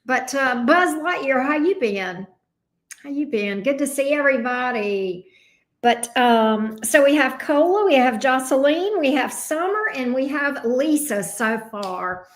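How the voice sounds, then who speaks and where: A woman's voice: sits high, animated, measured pace. A woman with a Southern US accent hosting a tarot livestream, chatting casually and greeting viewers by name in a bubbly way.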